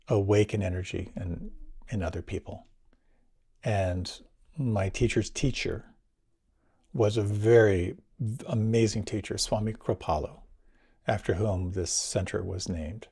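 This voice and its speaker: An older man, a meditation teacher, recounting his experiences in a reflective storytelling talk, swinging between near whispers and lively bursts. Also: on the low side, a little slow, husky. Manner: animated, drops to near whispers and rises again.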